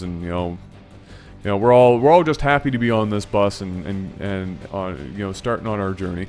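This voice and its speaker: A man hosting his channel, telling a funny personal story in an animated, playful way, often correcting himself mid-sentence. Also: fairly low pitch, brisk, soft background music. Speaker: channel host. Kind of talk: storytelling vlog.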